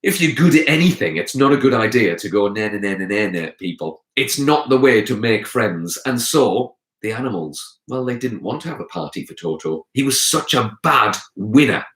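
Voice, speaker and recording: A man's voice: medium pitch, moderate pace, few pauses. A male children's author telling a story live to young children, talking to them directly. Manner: animated, addresses children directly. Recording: roomy echo.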